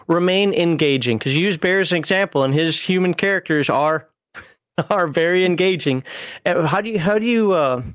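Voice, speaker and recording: A man hosting a casual panel discussion, asking questions with many halting restarts. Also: fairly high pitch, fairly bright tone, no room sound, clean studio sound. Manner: halting, restarts often while framing questions. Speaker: host of a role-playing panel stream.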